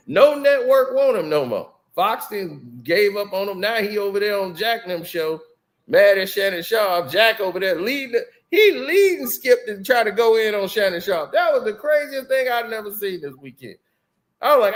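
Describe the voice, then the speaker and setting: A man's voice: high-pitched, big pitch swings, moderate pace. A man guesting on a casual podcast, telling stories animatedly with slang and frequent laughter. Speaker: guest, former basketball player.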